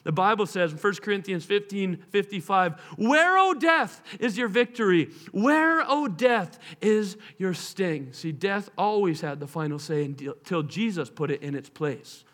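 A man preaching a sermon in a high, bright voice. He tells the story dramatically, acting out its voices and slowing down to stretch his words for emphasis. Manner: dramatic, acts out voices of people and Jesus in the story.

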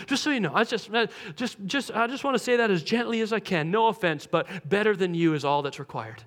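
A pastor preaching a lively sermon, slipping into comic voices for the people he describes. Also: high-pitched, fairly quick, few pauses. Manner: animated, voices comic characters.

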